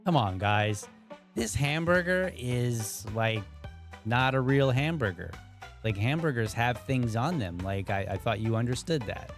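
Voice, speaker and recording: A man's voice: mid-range voice, lively intonation, unhurried, faint music behind, natural voice. A man putting on the voice of a grumpy little boy who scoffs indignantly at a plain burger. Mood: exasperated. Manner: indignant, mocking.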